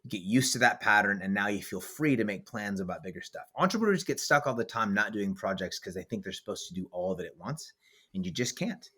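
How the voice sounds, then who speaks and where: A man with a somewhat low voice and a bright, forceful edge, hosting a podcast in casual conversation. He coaches and talks bluntly and emphatically, and he does not shy from a swear word. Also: lively intonation, a little fast, slightly rough. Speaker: podcast host and author.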